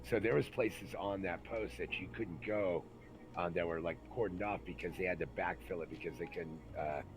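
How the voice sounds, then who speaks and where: Man, lower voice, from California, profane army storytelling, acts out characters, faint background noise. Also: normal speed. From Santa Rosa, California, USA. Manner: animated, acts out the people in his stories, many fillers. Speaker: storyteller recalling army days. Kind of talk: casual profane storytelling chat.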